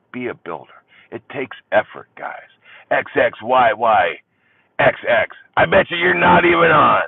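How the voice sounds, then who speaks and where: Gravelly older man, tinny and dry. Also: medium pitch. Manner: swings between loud exclaiming and hushed near-whispers. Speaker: support group livestream host. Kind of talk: impassioned livestream monologue. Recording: tinny phone-like audio, dry.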